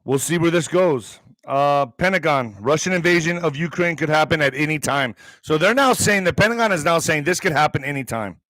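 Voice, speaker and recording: Reading news items on his online commentary show, this man keeps breaking off for sarcastic, profane remarks between headlines. He speaks fairly quickly with few pauses, in a somewhat high, slightly bright voice. The audio is dry and rough.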